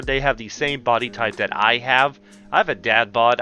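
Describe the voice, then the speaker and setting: A man in his thirties rants into the mic with a bright, forceful edge, blunt and exasperated, swearing freely. His delivery is sarcastic commentary, with faint music playing underneath. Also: medium pitch, moderate pace. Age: 30s. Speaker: commentary channel host. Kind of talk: profane ranting commentary.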